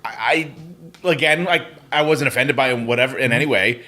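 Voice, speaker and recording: A man's voice: mid-range voice, a little fast, sharp tone. A man co-hosting a podcast, talking bluntly and loosely about music and swearing freely. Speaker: podcast co-host. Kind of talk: casual chat about hardcore records.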